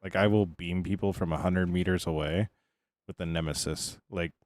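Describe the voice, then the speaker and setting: A man with a very low voice talks easily to his live chat, greeting viewers one by one. He sounds tired but friendly and unhurried. The sound is dry and close, with no room echo. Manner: relaxed, chatty, greets chat by name. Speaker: streamer. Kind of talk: casual live-stream chat.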